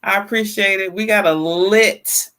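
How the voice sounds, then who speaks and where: A woman in her fifties hosting a casual livestream, chatty and lively, greeting viewers by name and often repeating herself in colloquial phrasing. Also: medium pitch, measured pace. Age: 50s. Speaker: livestream talk show host. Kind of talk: casual livestream chat, reading viewer comments.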